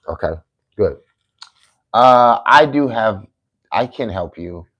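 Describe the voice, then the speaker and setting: New york guy going off on a livestream, preachy, drops low then gets loud. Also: expressive, slow pace, muffled recording. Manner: preachy and heated, swings from low murmurs to loud rants. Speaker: livestream host. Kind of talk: casual livestream monologue reading chat.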